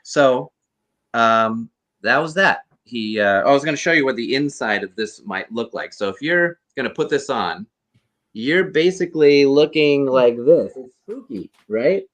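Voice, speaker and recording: A man's voice: mid-range voice, animated, moderate pace, sharp tone. A man, a guest actor and costume performer, earnestly telling a rambling story over a video call. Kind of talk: casual storytelling interview.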